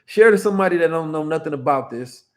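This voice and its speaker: A man's voice: fairly high pitch, animated, fast talker. A man hosting a casual finance livestream, reading the chat and often tagging his points with "right?" and "you understand me?". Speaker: livestream host teaching finance.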